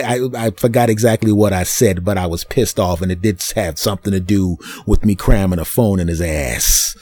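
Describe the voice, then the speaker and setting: Low-voiced man ranting a comic tale. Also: darkish tone, no echo. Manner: ranting, mock-indignant, acts out voices. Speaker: podcast host. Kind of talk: comedic monologue storytelling.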